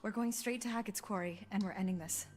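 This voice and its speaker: A woman's voice: mid-range voice, fast, a little mellow, soft background music, lightly acted. An actress voicing a determined young woman in a video game, speaking with resolute urgency.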